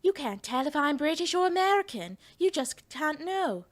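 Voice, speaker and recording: A woman voicing an affected old-movie lady with a transatlantic accent, drawling slowly and theatrically. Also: sits high, very animated, pitched above the performer's own voice. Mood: haughty.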